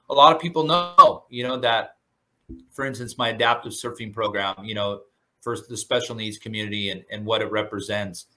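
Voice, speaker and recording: A man's voice: fairly low pitch, bright, forceful tone. A man who works as a surf instructor, speaking earnestly and gratefully in a casual interview, with many fillers and restarts. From Southern California.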